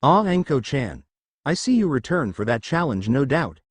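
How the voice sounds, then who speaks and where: Man voicing a teasing young barmaid, lively lilt. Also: mid-range voice, fairly quick, dry recording.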